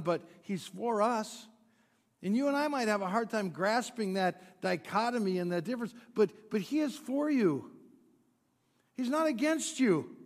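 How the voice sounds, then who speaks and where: A male pastor delivering a sermon, swinging from loud emphatic peaks to quiet low drops, with playful asides to the congregation. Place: church sanctuary. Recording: long church hall reverb.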